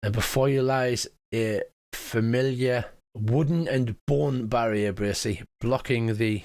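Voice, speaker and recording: A man narrating a tabletop game as game master, describing scenes in a halting way. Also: medium pitch, steady tone, darkish tone.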